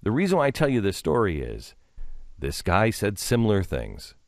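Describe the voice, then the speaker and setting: Middle-aged guy on talk radio, low voice that swings up and down a lot, dry studio sound. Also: wildly swooping pitch, no echo. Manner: rambling, halting with many restarts, drops low for quoted asides. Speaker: radio host. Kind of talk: casual storytelling on talk radio. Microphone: studio microphone.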